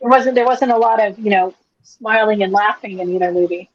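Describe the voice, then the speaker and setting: A woman's voice: medium pitch, brisk. A woman co-hosting a podcast in casual chat, matter-of-fact and plain-spoken. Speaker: podcast co-host. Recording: slightly dull lo-fi sound.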